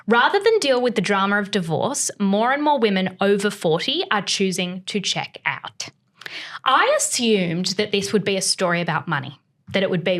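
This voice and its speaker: A woman co-hosting a chat podcast, briskly presenting a topic and putting questions to the others. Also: medium pitch, fairly bright tone. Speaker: podcast co-host. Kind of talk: casual chat, introducing topics.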